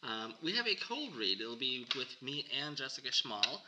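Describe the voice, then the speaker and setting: A man's voice: mid-range voice, sing-song, moderate pace, crowd noise, low-quality recording. A man hosting a podcast, chatting casually with his guest and laughing often. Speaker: podcast host. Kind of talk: casual interview chat.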